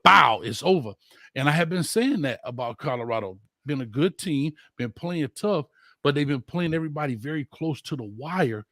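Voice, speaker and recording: A man hosting a casual sports debate, excitable and quick to cut in. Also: medium pitch, no room sound, clean studio sound. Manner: excitable, cuts in often. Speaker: host.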